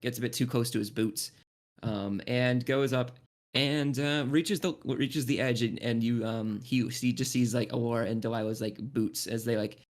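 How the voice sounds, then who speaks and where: A man's voice: medium pitch, fairly even intonation, moderate pace. A man running a tabletop game as game master, narrating loosely with many restarts and frequent laughter.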